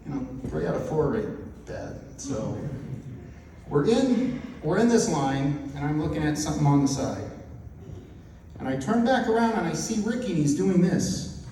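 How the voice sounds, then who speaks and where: A man with a slightly high voice preaches a storytelling sermon at a normal speed, animatedly acting out the voices of the story's characters. He's recorded from far off in an echoey hall, and there's plenty of noise.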